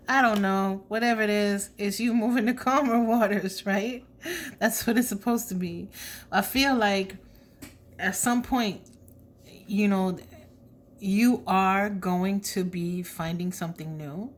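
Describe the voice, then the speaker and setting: A woman's voice: mid-range voice, slow pace, slight background noise. A woman giving a casual tarot reading, blunt and chatty, with slang asides. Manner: drops to a soft whisper when asking spirit. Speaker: tarot reader.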